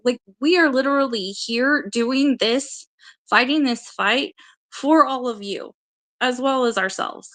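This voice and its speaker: A woman's voice: fairly high pitch, a bit bright. A woman hosting a casual livestream, talking earnestly and emotionally straight to her viewers and reassuring them. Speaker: livestream co-host and advocate.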